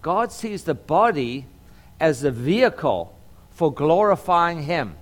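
A middle-aged man from Southern California, a lawyer teaching the Bible in an earnest sermon style, often repeating words and filling pauses with um. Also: on the high side, big pitch swings.

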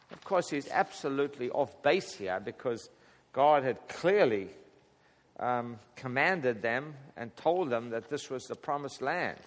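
A man's voice: mid-range voice, animated, unhurried. A man teaching a casual Bible study to a small group, chuckling often and acting out the prayers he quotes. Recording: long hall reverb.

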